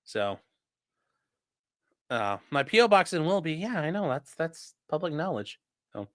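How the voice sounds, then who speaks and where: A man in his late thirties telling a story in a casual, animated and profane way as the host of a livestream, full of gun jargon. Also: on the high side, measured pace, no echo. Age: late 30s.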